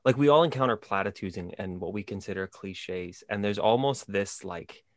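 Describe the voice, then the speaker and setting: A man with a lowish voice hosts a casual conversation about faith. He is thoughtful, and his speech is loose and full of "like". The sound is dry and close, with no room echo. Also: moderate pace. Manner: thoughtful, uses filler "like".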